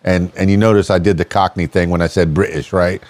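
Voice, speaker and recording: A man's voice: low voice, steady tone, a little fast, a little mellow, no echo. A middle-aged American man hosting a casual podcast interview, curious and rambling, often restarting his sentences. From United States. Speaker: podcast host.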